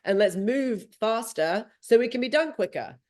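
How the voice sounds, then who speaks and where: Animated woman telling a race story. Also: fairly high pitch, normal speed. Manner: animated, swearing freely, acting out her own thoughts. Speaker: podcast host. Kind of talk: casual storytelling chat.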